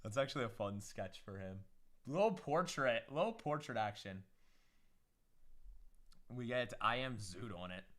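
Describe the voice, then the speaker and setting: Young male pack-opening streamer, hyped and slangy, slow delivery, bright voice. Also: mid-range voice, animated. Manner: hyped, slangy, talks to chat. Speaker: livestream host opening card packs. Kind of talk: casual livestream chat.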